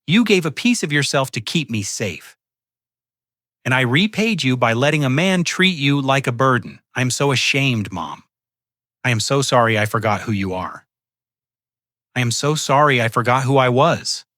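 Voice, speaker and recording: A man's voice: mid-range voice, expressive, normal speed, a bit bright, no echo, studio quality, lightly acted. A man voicing a remorseful adult daughter who pleads tearfully in a storybook reading. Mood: ashamed.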